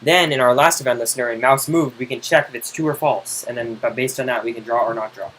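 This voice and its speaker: Dude helping a buddy code, impatient, teasing, mid-pitched voice. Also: male voice, fast, fairly bright tone, slight background noise, low-quality recording. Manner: impatient, teasing, exasperated explaining. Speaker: coding tutor. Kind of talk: casual screen-side coding help.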